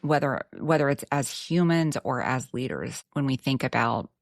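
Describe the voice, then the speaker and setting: A woman's voice: a bass voice, animated, normal speed, no echo, clean studio sound. A woman with a Texan twang, talking reflectively as a guest on a podcast. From Texas. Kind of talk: casual podcast conversation.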